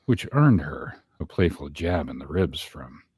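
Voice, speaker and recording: A man co-hosting a casual podcast, reading a story slowly and laughing often. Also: sing-song, darkish tone, slightly rough, no room sound. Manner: slow, low and laughing often. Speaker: podcast co-host.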